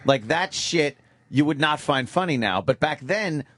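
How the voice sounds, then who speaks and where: A man's voice: fairly high pitch, animated, a little slow, a bit bright, dry recording. A man co-hosting a radio show, explaining in an easygoing way during casual banter, recorded in a radio studio.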